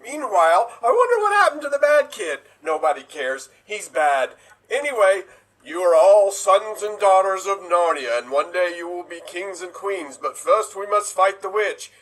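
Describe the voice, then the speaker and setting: A man with a high, bright, lively voice races through an improv scene, jumping between goofy character voices. His tone is slightly husky and he is heard over a video call. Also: low-quality recording. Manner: switches between many quick character voices, goofy and excitable. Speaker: improv performer. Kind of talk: improv comedy scene, fast playing every part.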